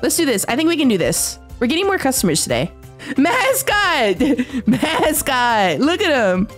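A young woman streaming a game, chatting casually and excitably with her viewers, often giggling. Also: high voice, fast. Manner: excitable, giggly, talks to chat. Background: faint background music.

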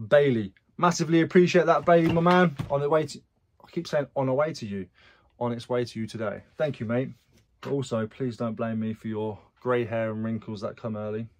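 At a moderate pace, a young man with a British accent and a mid-range, darkish voice chats about his resale business as a vlogger. He reads buyer messages aloud, cursing here and there.

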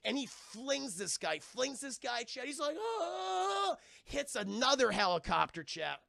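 A man streaming a movie recap live, talking excitedly and profanely and turning often to his chat. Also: very high-pitched, moderate pace, gravelly, dry recording. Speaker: streamer reviewing a film.

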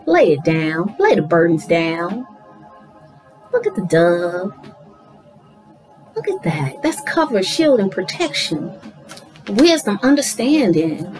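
Animated woman doing a spiritual card reading. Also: fairly low pitch, low-quality recording. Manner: animated, talks to viewers as y'all, affirming. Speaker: tarot card reader.

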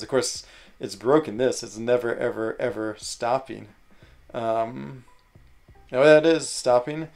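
Excitable man streaming a mobile game. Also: medium pitch, normal speed. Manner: excitable, whoops and laughs over lucky pulls. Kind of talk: live stream game commentary.

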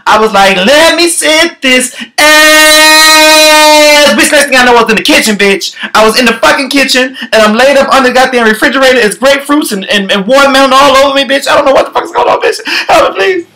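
A man putting on a frantic, confused female pop diva who woke up lost in the kitchen, in a shrill, pleading voice. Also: very fast, few pauses, bright, forceful tone.

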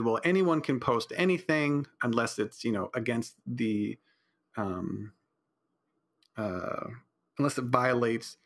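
A man hosts his own podcast from home in a loose, rambling way. He is blunt and opinionated, with casual swearing, and he often stops to grab for words with "um" and "uh" before pushing on. His pitch is an ordinary middle. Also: vocal fry, a bit bright. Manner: frequent fillers and restarts. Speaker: podcast host. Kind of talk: casual solo podcast talk.

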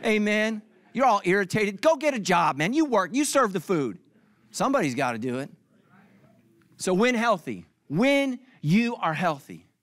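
A man's voice: high voice, very animated, normal speed, a bit bright, no room sound. A middle-aged male pastor giving a comedic sermon, acting out other people's lines for laughs.

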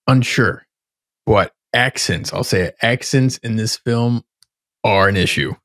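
A man in his thirties co-hosts a podcast, talking in loose, rambling casual chat and swearing easily. His voice sits on the low side. The sound is dry and close, with no room heard. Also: a little slow, fairly bright tone, no echo. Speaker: podcast co-host.

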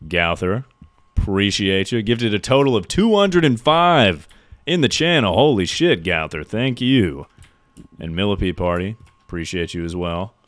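A man's voice: fairly low pitch, big pitch swings, measured pace, a bit bright, no echo. A young man streaming a horror game live, joking loosely and reading out chat. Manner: jokey, reacts to chat and thanks subscribers.

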